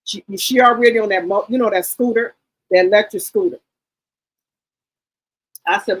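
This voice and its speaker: A middle-aged woman hosting a livestream, telling stories in a casual, animated, slangy chat and often repeating herself. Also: mid-range voice, moderate pace, pauses often, breathy edge, rough recording. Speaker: livestream host.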